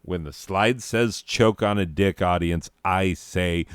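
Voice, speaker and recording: Man, very deep voice, slow delivery, deadpan profane storytelling, dry close mic. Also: clear, resonant tone, dry recording. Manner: deadpan, profane, self-mocking rants. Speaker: comedic narrator.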